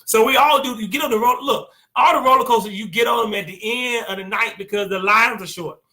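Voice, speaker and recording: Teasing man co-host with a bright tone. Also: high voice, fast. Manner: teasing, joking banter, interjects. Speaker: co-host of a couples talk show. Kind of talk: casual chat.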